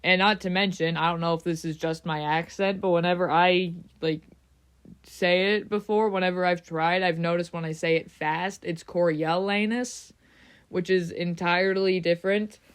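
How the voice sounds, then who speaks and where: Chatty woman vlogger, smooth clear voice, playful, drags out names to sound them out. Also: on the low side, fairly even intonation, normal speed. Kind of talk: casual chat.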